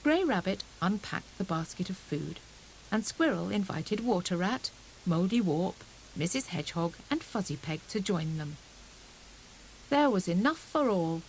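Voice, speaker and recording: Woman reading a kids storybook, slow and lilting, faint hiss behind. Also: medium pitch, rough recording. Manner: gentle, expressive storytelling. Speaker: audiobook narrator. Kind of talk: storybook narration.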